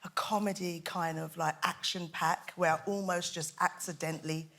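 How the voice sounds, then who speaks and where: A woman's voice: fairly low pitch, fairly even intonation, moderate pace, creaky, a bit bright. A young woman, a fellow talk-show guest, rambling in a bubbly, laughing way. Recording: noisy studio with audience.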